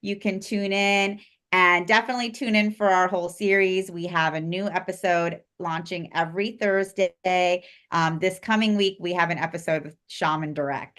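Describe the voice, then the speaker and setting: A woman's voice: medium pitch, fairly bright tone. A woman co-hosting a live-stream chat, rambling with lots of fillers and speaking in an effusive, heartfelt way. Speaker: co-host presenting spiritual interview series.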